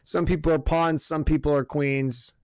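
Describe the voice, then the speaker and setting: Male podcast co-host, slightly high, smooth clean tone; profane, rambling, excitable delivery. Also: moderate pace, no echo, clean studio sound. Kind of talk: casual podcast banter.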